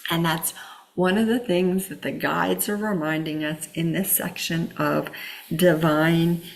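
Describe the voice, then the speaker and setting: A woman teaching a spiritual healing session in a slow, drawn-out way, pausing often. Her voice sits a little low. At times she sinks into a soft whisper for calm affirmations. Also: creaky.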